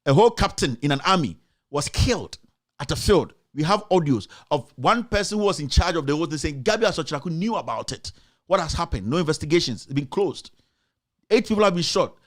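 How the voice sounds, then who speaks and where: A Ghanaian man hosting a talk show, his high voice rising as he pushes his point with passion. He repeats his lines and fires rhetorical questions straight at his critics. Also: expressive, fairly quick. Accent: Ghanaian English. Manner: passionate, repetitive, rhetorical, addressing critics directly. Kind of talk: impassioned political commentary.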